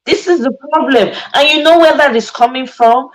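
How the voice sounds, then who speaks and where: A woman's voice: high voice, normal speed, poor audio. A woman from Nigeria with a Nigerian accent, hosting a casual panel discussion and slipping into Pidgin phrases. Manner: animated, slips into Pidgin. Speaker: host.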